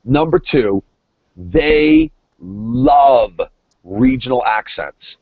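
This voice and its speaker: A middle-aged man who was once a reality show contestant chats casually as a podcast guest over the phone. He's emphatic and expressive, drawing words out and repeating them as he builds his points. His medium-pitched voice comes through a tinny, dry phone line.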